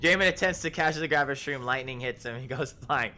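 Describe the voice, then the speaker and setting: A man's voice: medium pitch, quick pace, bright, forceful tone. A man narrating a tabletop game as game master, rambling with many fillers and often laughing.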